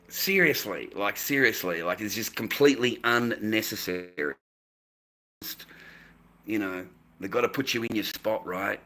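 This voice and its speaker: A man's voice: fairly low pitch, sharp tone. A middle-aged man ranting to a live chat, exasperated, swearing and repeating himself. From Australia. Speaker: livestreamer.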